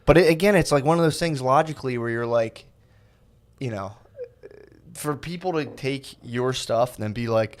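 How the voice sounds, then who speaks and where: A man co-hosting a comedy podcast in casual chat, rambling and restarting often, mock-earnest and jokingly self-pitying. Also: mid-range voice. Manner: rambling, halting, with many restarts and fillers. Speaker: podcast co-host.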